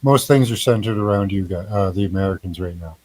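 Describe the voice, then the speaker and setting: A man in a live stream chat, speaking flatly and matter-of-factly. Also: sits low, fast talker, no room sound, poor audio.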